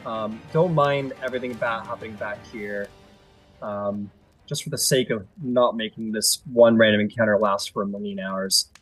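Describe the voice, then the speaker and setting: A man's voice: lowish voice, steady tone, normal speed, a bit bright, slightly rough, faint music behind. A man running a tabletop game as game master, narrating in a chatty, playful way.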